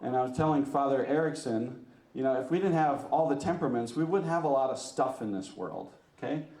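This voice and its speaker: A man speaks to a church group with a lively, joking manner, often teasing himself and turning questions to the listeners. His voice sits at a middle pitch. The room around him rings with a roomy echo. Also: fairly quick, recorded from a distance. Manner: lively, joking, self-mocking, asks the audience. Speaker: parish speaker. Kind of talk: talk to a women's church group.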